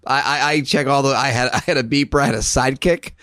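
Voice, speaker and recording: A man's voice: mid-range voice, fairly even intonation, quick pace, pushed and bright, no echo, studio quality. A man guesting on a podcast, telling stories in casual chat, laughing and swearing as he goes. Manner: laughs through stories, swears, acts out quotes.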